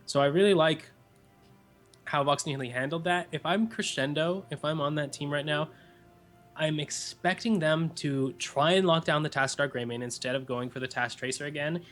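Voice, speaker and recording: A man's voice: a little high, normal speed, fairly bright tone, soft background music. A young man giving earnest, analytical color commentary on a live esports match.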